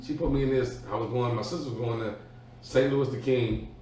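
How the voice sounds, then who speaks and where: Guy telling a story all animated, super echoey, kinda far off. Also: medium pitch, fairly quick, slight background noise. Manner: animated, acts out voices in his story. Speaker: podcast guest telling a childhood story. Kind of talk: casual storytelling. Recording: echoey room, far from the mic.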